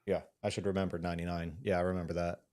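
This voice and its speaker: A man's voice: low voice, little pitch movement, very fast, a crowd in the background. A man hosting a podcast conversation, playful and teasing as he asks his questions.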